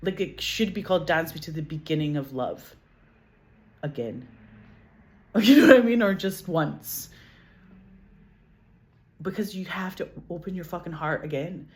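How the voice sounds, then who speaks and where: A woman with a Glasgow Scottish accent, chatting casually as an interview guest, animated, laughing often, swearing and saying "like" a lot. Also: lowish voice, unhurried, long pauses. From Scotland. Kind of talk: casual chat.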